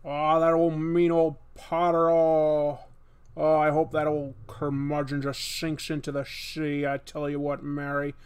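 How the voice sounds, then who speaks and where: A man putting on a folksy old-time movie hero who talks with an indignant, halting drawl and repeats his phrases. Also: on the high side, completely flat delivery, a little mellow, clean tone, lightly acted.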